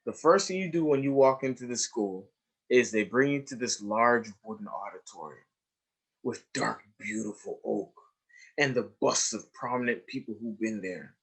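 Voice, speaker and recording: A middle-aged man with a mid-range, slightly rough voice speaks at a moderate pace in a webinar lecture for educators. He tells classroom anecdotes conversationally with animated storytelling, acts out quoted students, and drops to a hush for asides.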